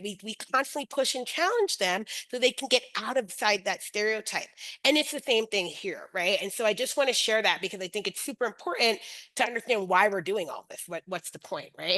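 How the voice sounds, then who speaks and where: Bright-voiced woman presenting a webinar. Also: fairly high pitch, low-quality recording. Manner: engaged, often checks in with "right?". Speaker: webinar presenter and teacher educator. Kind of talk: educational webinar talk.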